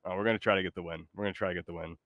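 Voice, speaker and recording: Hesitant low-voiced streamer man. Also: steady tone, very fast, dry recording, muffled recording. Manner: hesitant, trailing off with fillers and laughs. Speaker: game streamer. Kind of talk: casual gaming chat.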